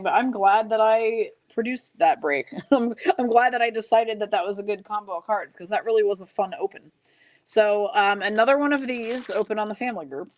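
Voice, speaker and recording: A woman's voice: medium pitch, darkish tone. A woman hosting a live card-opening stream, chatting casually, reading viewer comments aloud and laughing often.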